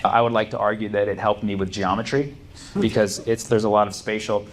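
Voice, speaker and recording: A man's voice: on the low side, steady tone, fairly quick. A young man doing stand-up comedy at a club, talking in a loose, rambling way full of "like" and "you know". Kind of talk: stand-up comedy with crowd work. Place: comedy club stage before a live audience. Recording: live club recording with crowd noise.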